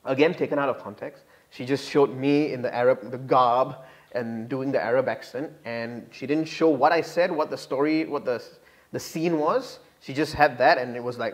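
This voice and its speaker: An earnest young man answers interview questions. He explains at length and often restarts his sentences. His voice sits at an ordinary middle pitch. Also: normal speed. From Singapore. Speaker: guest.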